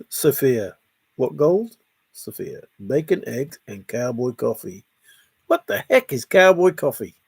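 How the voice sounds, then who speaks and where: Male livestream host, gravelly and husky, slow and playful, reading chat comments aloud. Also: medium pitch, no room sound. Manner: reads viewer comments aloud and answers them playfully. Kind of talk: casual late-night livestream chat.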